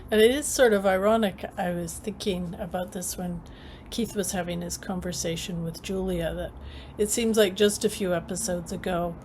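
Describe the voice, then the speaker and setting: A woman co-hosting a podcast, commenting thoughtfully on soap opera episodes in a relaxed conversational way. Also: lowish voice, moderate pace, slight background noise, poor audio. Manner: thoughtful, conversational, frequent agreeing murmurs. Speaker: podcast co-host. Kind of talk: casual recap chat.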